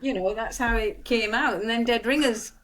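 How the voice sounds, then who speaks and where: A woman, an actress guest, talking casually in an interview, animated, often laughing and restarting her sentences. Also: a little high, moderate pace, a little hiss or hum.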